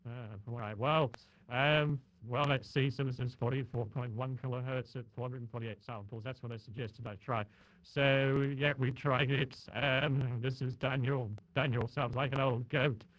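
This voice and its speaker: A man's voice: mid-range voice, steady tone, moderate pace, a bit bright, no room sound, dull audio. A man on a live stream testing a voice changer that gives him a bleating, goat-like tone. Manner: fiddly, testing settings aloud.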